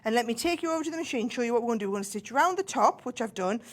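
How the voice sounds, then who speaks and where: A woman's voice: on the high side, lively intonation, rapid-fire. A woman with a northern English accent giving a chatty step-by-step sewing demonstration, checking in with "right?" as she goes. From northern England. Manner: chatty, explains step by step, tag questions. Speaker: crafting guest expert.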